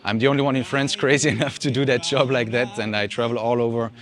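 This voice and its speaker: A man's voice: mid-range voice, fairly even intonation, fast. A man from Austria with an Austrian German accent, a traveling pianist speaking in an enthusiastic, touched way.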